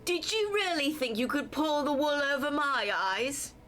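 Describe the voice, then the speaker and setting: A woman voicing a sneering game villain in a put-on Brooklyn-style accent, taunting and pitched high. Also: big pitch swings, moderate pace, fairly bright tone, slight background noise, exaggerated voice.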